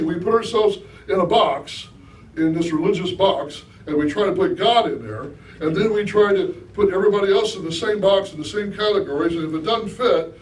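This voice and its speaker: A man's voice: high-pitched, a little hiss or hum. A middle-aged man giving a conversational spiritual talk to an audience, often asking them questions. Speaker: guest speaker. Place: hall with a live audience. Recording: echoey room, mic at a distance.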